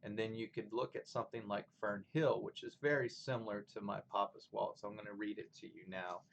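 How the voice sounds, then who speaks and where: A man's voice: lowish voice, steady tone, fairly quick, gravelly, slight background noise, rough recording. A man lecturing on poetry to a class, explaining with fillers and restarts. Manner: reads poems aloud with stressed rhythm, louder than his talk. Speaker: literature lecturer. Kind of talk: recorded lecture with poetry reading.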